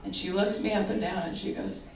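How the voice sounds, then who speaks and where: Woman stand-up comic, mid-range voice, wry punchline delivery, roomy club sound from a distant mic, loud audience behind. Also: medium pitch, steady tone, quick pace, very noisy. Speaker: stand-up comedian. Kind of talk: stand-up set. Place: comedy club stage. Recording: roomy live venue, mic picked up from a distance, loud laughter. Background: audience laughter.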